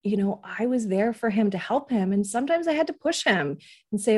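A woman's voice: mid-range voice, animated, moderate pace. A woman in her forties hosting a parenting podcast, telling a personal story in a candid, conversational way with many asides.

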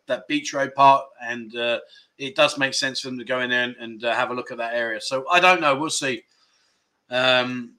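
A man with a mid-range, sharp-toned voice hosts a relaxed livestream. He banters through viewers' comments and often laughs at his own jokes.

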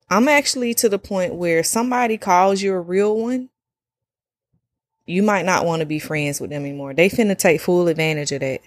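A woman, hosting a casual solo podcast and talking in an animated, slangy way with free swearing. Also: fairly low pitch, moderate pace, dry recording, clean studio sound. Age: 30s. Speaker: podcast host.

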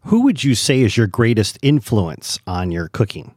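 A man's voice: fairly low pitch, big pitch swings, moderate pace, a little mellow, dry recording. A man hosting an interview podcast and prompting his guest with short, casual questions. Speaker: podcast host.

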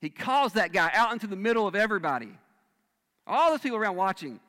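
A male pastor preaching a sermon, swinging between loud emphatic bursts and hushed, quiet lines. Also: high-pitched, sing-song, fast talker. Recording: long reverb of a large hall.

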